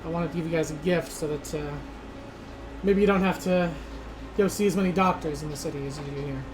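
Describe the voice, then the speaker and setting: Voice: medium pitch, a little fast, natural voice. Figure: easygoing male doctor, played by a game master. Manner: casual. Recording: noisy. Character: male doctor giving gifts.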